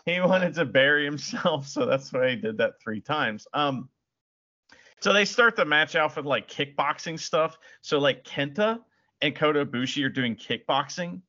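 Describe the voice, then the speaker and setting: Bright, easygoing podcast man. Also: fairly high pitch, animated, normal speed, lo-fi sound. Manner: laid-back, laughing, hedges with "you know". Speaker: podcast co-host. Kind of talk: casual podcast chat.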